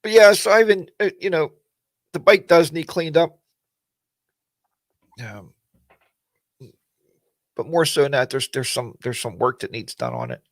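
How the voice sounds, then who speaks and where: A man's voice: on the high side, big pitch swings, a little slow, pauses often, no echo. A man hosting a casual weekly livestream chat, rambling in a folksy way and greeting viewers by name.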